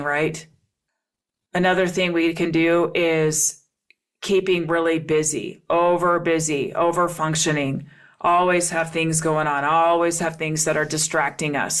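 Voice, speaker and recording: Her voice sitting low, a middle-aged relationship coach talks through her solo podcast with earnest conviction. She keeps circling back to key phrases for emphasis.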